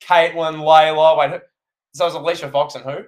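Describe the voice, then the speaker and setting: A man's voice: a little high, steady tone, rapid-fire, roomy sound. A man co-hosting a wrestling podcast and teasing his co-host in jokey banter. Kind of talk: casual wrestling podcast chat.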